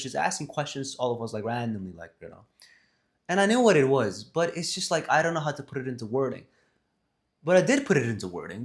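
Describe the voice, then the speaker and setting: A man talking casually to a camera about communication, rambling and correcting himself as he goes, with emphatic stresses. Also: medium pitch. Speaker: vlogger on communication skills. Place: seated in front of a camera.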